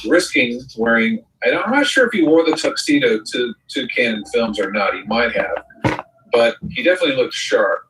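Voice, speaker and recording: A man's voice: mid-range voice, fairly bright tone, slight background noise. A middle-aged man co-hosting a chat show, telling rambling anecdotes and mimicking the people he quotes. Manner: rambling storyteller who mimics voices in quotes. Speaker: co-host. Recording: voice a bit far from the mic.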